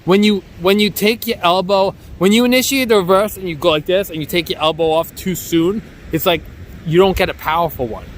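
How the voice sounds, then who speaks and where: Boastful high-voiced New York man. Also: brisk. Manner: boastful, joking, self-mocking, animated. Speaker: bodyboarding vlogger. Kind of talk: rambling comic vlog monologue.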